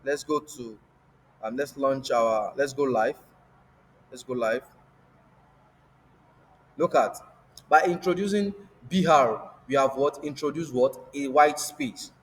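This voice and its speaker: An African coding instructor leads a screen-share lesson in a medium-pitched voice, speaking slowly with long pauses. He repeats key words and keeps quizzing the class with rhetorical "what?" prompts. The audio is poor, with a long reverb tail and slight background noise.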